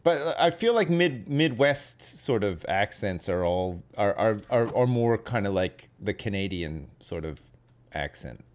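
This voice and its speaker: Low-voiced man chatting. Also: lively intonation, a little slow. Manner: rambling, hedging, many fillers and tag questions. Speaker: streamer host. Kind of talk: casual chat while gaming.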